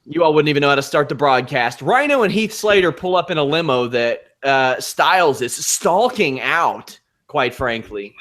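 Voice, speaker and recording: A man co-hosting a casual wrestling podcast, animated and teasing, cracking jokes as he recaps the show. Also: a little high, moderate pace, hardly any pauses. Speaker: podcast co-host.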